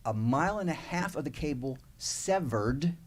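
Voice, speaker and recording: A man's voice: a little high, expressive, moderate pace, a crowd in the background. Man telling a story on local radio. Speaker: guest author. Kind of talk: casual radio interview.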